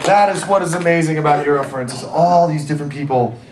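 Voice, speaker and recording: High-voiced American man in echoey room. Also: quick pace, very noisy. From United States. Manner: rambling, profane, stammers and repeats words. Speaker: comedy panelist. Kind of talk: casual comedic storytelling.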